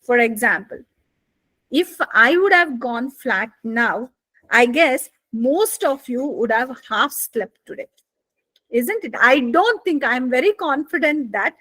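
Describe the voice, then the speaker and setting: An IELTS speaking instructor, a high-pitched woman with an Indian English accent, lectures a live online speaking class, her intonation rising and falling with lively, deliberate expression. She checks in with students often, frequently asking "isn't it?", and the sound is close and dry with no echo or room around it.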